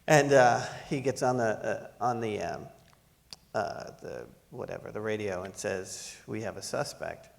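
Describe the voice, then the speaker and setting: A middle-aged man telling a personal story to an audience, animated and laughing as he acts out the voices in it. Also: lowish voice, a little slow, gravelly, big-room sound. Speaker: panel speaker. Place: lecture hall.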